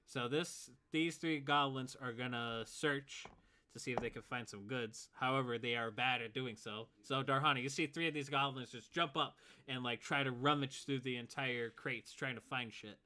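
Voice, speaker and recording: A man's voice: mid-range voice, fairly even intonation, normal speed, sharp tone. A man narrating as game master of a tabletop game, laid-back, chuckling and counting out movement.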